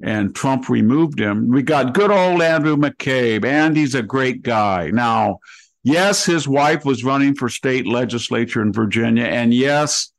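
A podcast host talks through political commentary in a gravelly, fry-edged voice, stacking one point on the next with sarcasm. His pitch sits at an ordinary middle for a man. The sound is dry and close, with no room around it. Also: no room sound, poor audio. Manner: sarcastic, rapid-fire listing of grievances.

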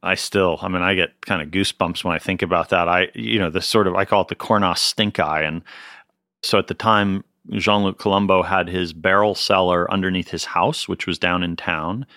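A man, a winemaker telling personal anecdotes in an interview, earnest and animated, often restarting his sentences. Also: sits low, normal speed, no room sound, clean studio sound. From United States. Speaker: winemaker guest. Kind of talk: conversational storytelling.

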